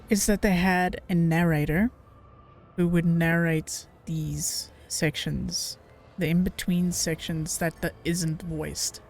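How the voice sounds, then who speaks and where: Chatty joking woman streamer. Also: fairly low pitch. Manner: chatty, joking, swears, reads game text aloud. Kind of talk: casual let's-play commentary.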